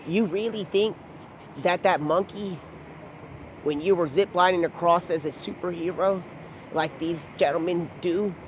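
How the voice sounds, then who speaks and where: A man's voice: fairly high pitch, a little hiss or hum. A man telling a rambling, drifting story, often quoting people in put-on voices. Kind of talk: rambling stream-of-consciousness storytelling. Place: outdoors by a street.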